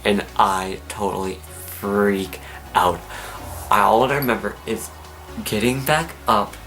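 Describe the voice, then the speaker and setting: A teenage young man, telling a story to camera in an excitable, animated way. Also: lowish voice, slow, faint music behind. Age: teens. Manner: excitable, animated, acts out his own screams and whispers. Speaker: vlogger.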